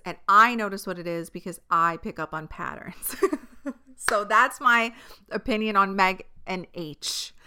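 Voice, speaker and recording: A podcast host with a medium-pitched, sharp, clear and resonant voice films herself on camera while chatting solo into a podcast microphone. She's casual and chatty, swearing freely and laughing often.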